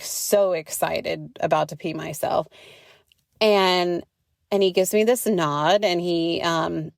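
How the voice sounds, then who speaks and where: A woman's voice: lowish voice, gravelly, no echo, studio quality. A young adult woman hosting a casual spiritual podcast, chatty and swearing freely, with lots of filler words. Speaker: podcast host.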